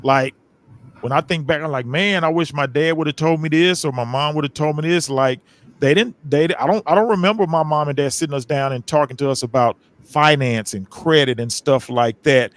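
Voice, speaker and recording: A man's voice: on the high side, a little fast. A man speaking casually and reflectively on a podcast. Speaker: podcast guest. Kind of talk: casual chat.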